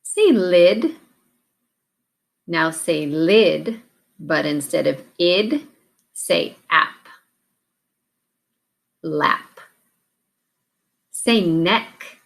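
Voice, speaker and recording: A woman teacher leading a recorded classroom warm-up drill, slow and deliberate, pausing between prompts. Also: on the low side, lively intonation, gravelly.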